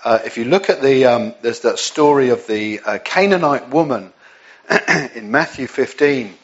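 A man's voice: medium pitch, animated, a little slow, muffled recording. An English man preaching a sermon in a conversational way, with frequent restarts and asides. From England.

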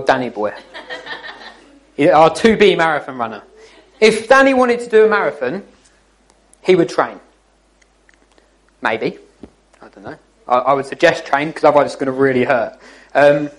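A man's voice: a little high, sing-song, normal speed, long pauses, rough recording. A man giving an informal, jokey church talk to young people, teasing his listeners as he goes. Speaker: youth speaker.

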